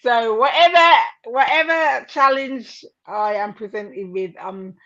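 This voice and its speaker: A high-voiced woman chatting as an interview guest, full of energy and quick laughs. Her tone is bright and forward. The sound is dull and lo-fi. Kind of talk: casual interview chat.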